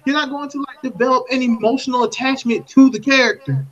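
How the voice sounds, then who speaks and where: A man's voice: very high voice, fast, lo-fi sound. A man co-hosting a podcast in casual chat, emphatic and profane, often circling back to repeat his points. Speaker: podcast co-host.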